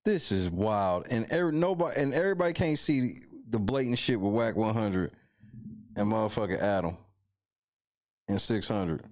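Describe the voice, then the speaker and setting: A man's voice: fairly low pitch, animated, moderate pace. A man hosting reaction commentary, sounding incredulous and full of questions.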